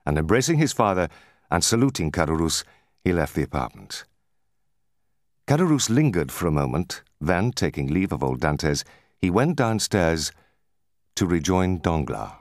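A deep-voiced, expressive male audiobook narrator reads scripted narration of a classic novel. The sound is clean studio audio with no echo.

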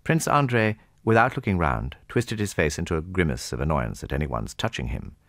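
A male narrator reading a classic novel in a measured, expressive way. His voice is very deep and gravelly, with a lively melody, and is recorded close and dry with no room sound. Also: no room sound. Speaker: audiobook narrator.

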